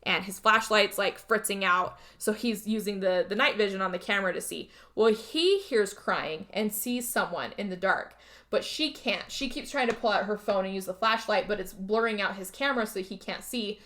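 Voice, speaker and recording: A woman's voice: mid-range voice, normal speed, pushed and bright. A woman hosting a podcast who casually recaps a movie plot, rambling, swearing and checking in with her listener. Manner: chatty, rambling, swears, keeps checking in with "okay?". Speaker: podcast host.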